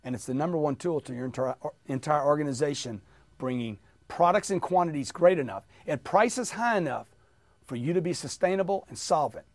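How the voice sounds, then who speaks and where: A man giving an energetic motivational sales training, coaching listeners to repeat positive phrases after him. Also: a little high, fairly quick, no room sound.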